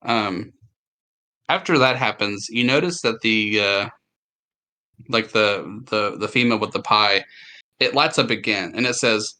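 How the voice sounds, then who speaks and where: A man running a tabletop game as game master. He narrates haltingly, with many fillers and restarts. His voice is bright and sharp. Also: on the low side.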